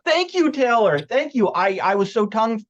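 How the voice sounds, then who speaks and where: A fairly high-voiced man hosts a reading, gushing with praise while tripping over words and swearing casually. The audio sounds dull and lo-fi. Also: moderate pace. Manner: excitable, tongue-tied, swears freely. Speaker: host of a reading event. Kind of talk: casual enthusiastic chat.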